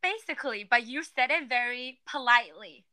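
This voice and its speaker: A woman's voice: on the high side, animated, a little fast, sharp tone, clear, resonant tone, no room sound. A woman hosting a casual chat, animatedly explaining slang. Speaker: podcast host.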